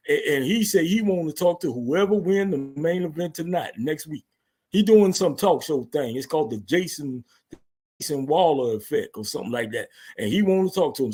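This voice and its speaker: A man hosting a casual wrestling recap, telling it in animated, slangy storytelling with frequent laughs and acted-out quotes. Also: a little high, husky.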